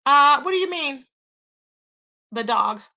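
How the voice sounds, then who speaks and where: A woman's voice: high-pitched, animated, slow, bright, forceful tone, muffled recording. A woman hosting a casual gossip livestream, reading chat and reacting with lots of exclamations. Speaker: livestream host.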